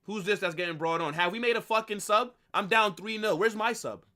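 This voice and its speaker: Young lad, bright sharp voice, frustrated watch-along host venting. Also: male voice, high voice, brisk, few pauses. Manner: frustrated, ranting, repetitive. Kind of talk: live football watch-along reaction.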